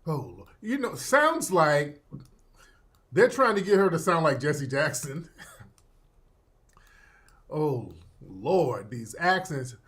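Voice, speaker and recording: A man's voice: fairly high pitch, very animated, slow, fairly bright tone. A man giving casual reaction commentary in a mocking, informal, drawling way.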